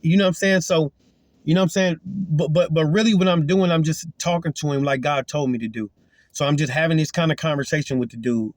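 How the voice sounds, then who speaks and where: A man's voice: on the high side, steady tone, a little fast, no echo, clean studio sound. A man giving an earnest, emphatic spoken testimony as a Christian, retelling a confrontation in casual talk.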